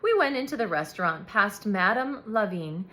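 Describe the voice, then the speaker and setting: A woman narrating a literary audiobook in a measured, expressive way. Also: mid-range voice, rough recording. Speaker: audiobook reader.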